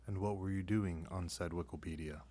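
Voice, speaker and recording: A man's voice: low-pitched, steady tone, brisk, mellow. A man hosting a podcast, playing the dry straight man with short prompting questions. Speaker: podcast host. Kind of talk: casual comedic chat.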